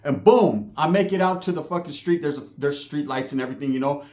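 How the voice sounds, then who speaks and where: A man's voice: on the high side, quick pace. A man telling a story casually, with lots of slang and swearing. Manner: profane, slangy, animated. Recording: echoey room.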